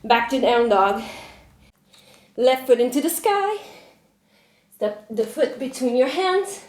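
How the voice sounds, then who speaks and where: A high-voiced woman leads a yoga flow while doing it herself, out of breath and encouraging. She speaks slowly and calmly between poses. The room has a roomy echo. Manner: encouraging, breathy cues with light laughter. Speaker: yoga instructor. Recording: echoey room.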